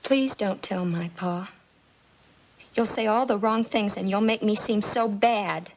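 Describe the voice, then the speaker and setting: A woman's voice: medium pitch, unhurried, a little hiss or hum, natural voice, poor audio. An actress playing a troubled schoolgirl accused of setting fires, pleading and defensive, in 1950s TV drama style. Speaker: daughter Alice.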